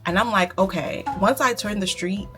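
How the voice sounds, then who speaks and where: A young woman in her twenties from the United States tells a personal story in a casual vlog, animated and laughing as she goes. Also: normal speed, faint music behind. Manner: animated, laughs while retelling, lively pitch jumps. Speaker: vlogger. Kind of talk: casual storytelling while getting ready.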